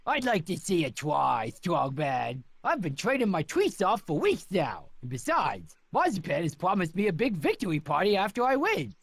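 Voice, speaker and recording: An actor playing a cheerful, dim, cocky cartoon athlete in a video game, with a goofy, husky voice. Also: male voice, sits high, wildly swooping pitch, moderate pace, few pauses, a bit bright, exaggerated voice. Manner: goofy, cocky, easily distracted.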